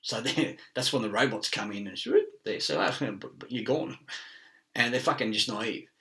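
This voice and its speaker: Brief: middle-aged man, bright edgy tone, swearing, laughing, riffing on word origins, sitting back from the mic. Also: mid-range voice, moderate pace, far from the mic. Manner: profane, laughing, chasing wordplay and word origins. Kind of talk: rambling monologue.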